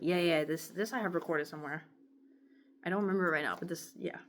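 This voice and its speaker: A woman with a lowish voice rambles to camera about her songs, filling the gaps with "like" and drifting into soft murmurs when the feelings rise. Her throat is itching from talking, and a faint room hiss sits underneath. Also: fast. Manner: rambling and chatty, heavy use of "like", softening into murmurs when emotional. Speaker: songwriter sharing her lyrics. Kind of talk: casual talk to camera, reading lyrics aloud.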